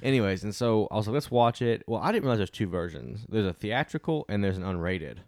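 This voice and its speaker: A man's voice: fairly low pitch, expressive, fast talker, a little mellow, dry recording, studio quality. A young man rambling casually through a movie review, full of fillers and restarts.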